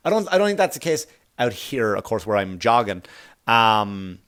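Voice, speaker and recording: A man's voice: lowish voice, animated, fairly quick, a bit bright. Rambling, profane male comedian telling a story. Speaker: comedian podcast host.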